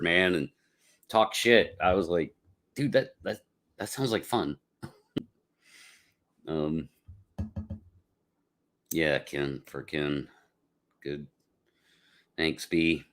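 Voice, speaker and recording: A man's voice: low-pitched, a bit bright. A man hosting a casual live podcast, chatting with viewers in a rambling, laid-back way with lots of fillers. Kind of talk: casual livestream chat.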